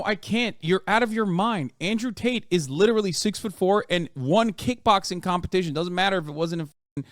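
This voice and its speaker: Streamer, male, 30s, swears a lot and gets worked up, slightly high voice, dry close mic. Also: no room sound. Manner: profane, animated, quick to exclaim. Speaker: streamer reacting to a fight video. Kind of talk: casual reaction commentary.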